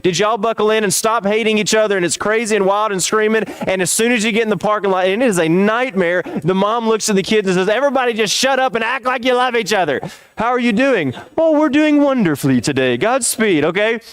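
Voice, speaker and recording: A man giving a church seminar talk, animated and humorous, acting out little dialogues. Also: high-pitched, clean tone, no room sound.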